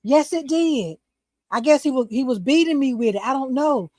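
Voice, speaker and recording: Older woman telling a lively testimony. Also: high voice, normal speed, crowd noise. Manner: animated testimony storytelling. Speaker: talk show host, guest. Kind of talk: casual chat, storytelling.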